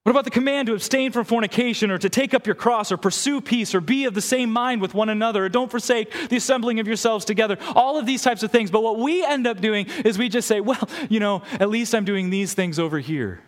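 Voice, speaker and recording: A man's voice: extremely high pitch, fast talker, hardly any pauses. Earnest preacher man in a reverberant hall. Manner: earnest, illustrative storytelling, rising intensity. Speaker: pastor. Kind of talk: sermon.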